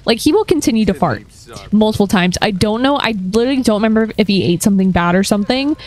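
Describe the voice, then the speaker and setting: A woman's voice: medium pitch, animated, fast, a little mellow. A young woman who chats and giggles her way through casual storytelling about a life-sim game. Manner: chatty, giggly, full of fillers. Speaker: gaming video creator.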